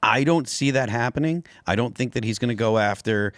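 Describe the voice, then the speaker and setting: A man's voice: mid-range voice, brisk, a bit bright, dry recording. Hesitant man co-hosting a talk show. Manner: hesitant, restarts often. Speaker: podcast co-host. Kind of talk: casual political chat.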